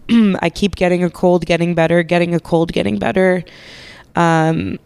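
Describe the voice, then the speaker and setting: A woman's voice: on the low side, steady tone, normal speed, gravelly, a little mellow, clean tone, dry recording. Stuffy-nosed woman podcaster with a cold. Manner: rambling, chatty, swears casually, self-mocking. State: congested with a cold, nasal. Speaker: podcast host. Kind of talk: casual solo podcast chat. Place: living room couch, lying under a blanket. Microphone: podcast microphone held while lying down.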